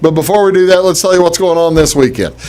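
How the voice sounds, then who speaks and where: A man's voice: a little high, fast, darkish tone. A man hosting a casual local talk show, chatty and rambling, with many fillers and restarts.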